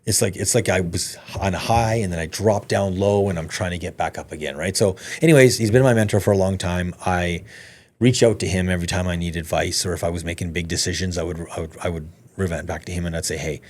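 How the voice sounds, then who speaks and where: Deep and low-voiced, a man guesting on a podcast tells his story at a rapid clip in casual conversation. He's animated, swears freely, and jumps into the voices of the people he quotes.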